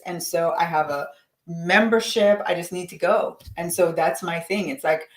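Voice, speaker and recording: A woman's voice: lowish voice, steady tone, normal speed. Woman, livestream coach, upbeat, encouraging, chatty, roomy echo. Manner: upbeat, encouraging, chatty, reads out viewer names. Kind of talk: live-stream coaching talk.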